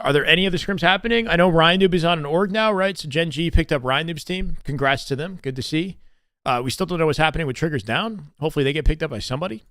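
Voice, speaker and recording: A Canadian man chatting casually on a live stream, relaxed and full of fillers as he reacts to matches. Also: a little high, no echo, studio quality. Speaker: streamer and esports co-caster.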